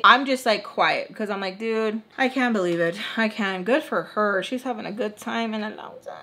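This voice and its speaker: A woman's voice: mid-range voice, moderate pace, few pauses, pushed and bright, slight background noise. A young woman telling a casual storytime while doing her makeup, chatty and full of "like", acting out what others said. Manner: chatty, acts out other people's lines; heavy use of "like".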